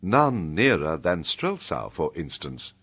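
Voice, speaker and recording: A British man voicing a wistful young nobleman in an audiobook. He speaks quietly in a low voice. His delivery is plain and close to the reader's own. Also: big pitch swings, slow, slightly rough, heavily acted. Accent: British English. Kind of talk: audiobook character voice.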